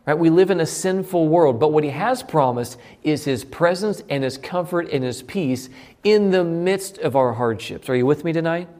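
A man preaching a sermon to a congregation, animated, acting out the voices of biblical figures as he tells the story. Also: a little high. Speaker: pastor.

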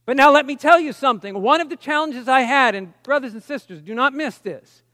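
A man with a very high speaking voice teaches a sermon in a relaxed, conversational way, stopping for asides and reading quotations with emphasis. The voice sounds close and dry, yet a long reverb lingers behind it as in a large hall. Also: brisk. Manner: conversational, explains with asides and reads quotes emphatically. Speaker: preacher.

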